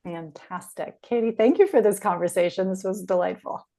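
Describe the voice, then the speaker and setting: A woman's voice: mid-range voice, moderate pace, dark tone. A woman hosting a podcast interview, affirming and encouraging her guest. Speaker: podcast host. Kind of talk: casual interview.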